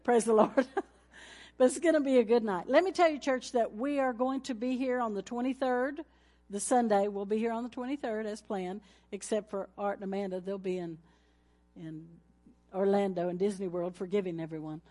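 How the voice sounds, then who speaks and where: A woman's voice: mid-range voice, moderate pace, warm tone. A woman pastor, preaching a folksy sermon with announcements and laughter, ending in a fervent prayer.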